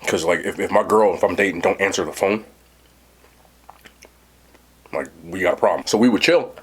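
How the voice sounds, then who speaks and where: A man's voice: low voice, moderate pace, husky. A man hosting an eating show, telling a story casually and talking straight to his viewers. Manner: animated, talks to viewers directly. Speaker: mukbang host. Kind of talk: casual storytelling to a live chat.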